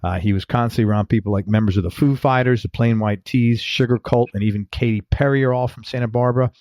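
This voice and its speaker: A man's voice: mid-range voice, fairly even intonation, fast talker, darkish tone, no echo, studio quality. A man hosting a casual interview podcast, introducing his guest with jokey, self-mocking asides. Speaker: podcast host.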